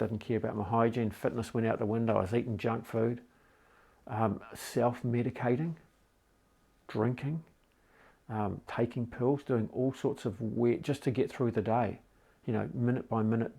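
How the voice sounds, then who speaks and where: A middle-aged man speaking calmly and reassuringly straight to the listener in a mental health support talk. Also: medium pitch, normal speed, vocal fry, breathy edge. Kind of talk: gentle direct-to-camera support talk.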